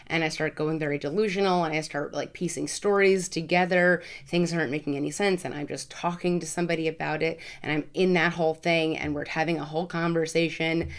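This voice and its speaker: A woman vlogger answering viewer questions in a casual, frank way, often repeating words for emphasis. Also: fairly low pitch. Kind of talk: casual Q&A to camera.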